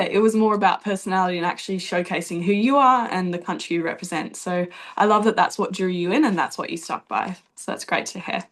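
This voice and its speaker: A young Australian woman hosts a podcast chat. She asks questions casually and affirms her guest's answers often. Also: lowish voice. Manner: warm affirming listener, frequent agreement. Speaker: podcast host.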